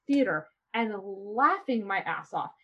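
A woman chatting casually about a movie, retelling scenes with lively storytelling. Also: mid-range voice, a little slow, husky. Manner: animated storytelling, acting out scenes. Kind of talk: casual chat about a film. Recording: dull lo-fi sound.

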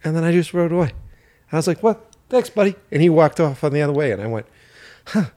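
A man's voice: a little high, racing. A man hosting a podcast, telling stories in casual chat, swearing freely and playing up mock outrage. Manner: animated storyteller, swears freely, mock-indignant. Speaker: podcast host.

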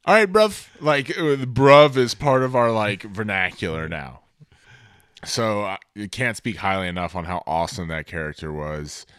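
Smooth-voiced, excited podcast co-host. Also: male voice, deep voice, moderate pace, no echo, studio quality. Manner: excited, profane, rambling. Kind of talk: casual movie-review chat.

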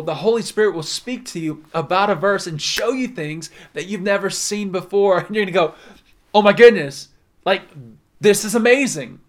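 High-voiced preacher with dramatic swings. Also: male voice. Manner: dynamic preaching, swings between loud emphasis and soft drawn-out words. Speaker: pastor. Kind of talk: sermon.

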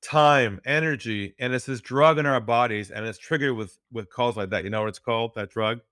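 A man's voice: fairly quick, fairly bright tone, clean tone, no echo. Male podcast guest, sales trainer; earnest storyteller, dry booth sound. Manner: earnest, drops his voice low for stories.

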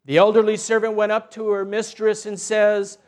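A man telling a religious story in a slow, deliberate, gentle way. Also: high voice, completely flat delivery.

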